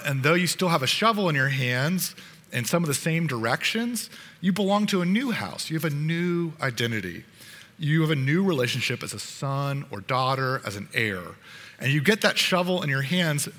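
Brief: male preacher, earnest storytelling, bright tone, long hall reverb. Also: a little high. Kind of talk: sermon narrating a parable in second person.

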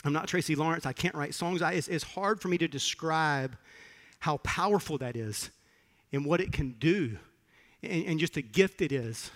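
A man's voice: a little high, moderate pace, fairly bright tone, in a large hall. A man preaching a sermon as pastor, telling a personal story in an earnest way and repeating words when moved. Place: church sanctuary.

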